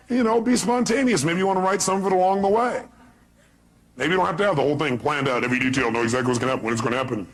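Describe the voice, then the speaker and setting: A man delivering a live motivational seminar in an emphatic, blunt style, with a voice that sits a little high. He keeps firing rhetorical questions at the crowd, and a faint noise hangs behind him. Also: very fast. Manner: blunt, occasional profanity. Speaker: motivational speaker.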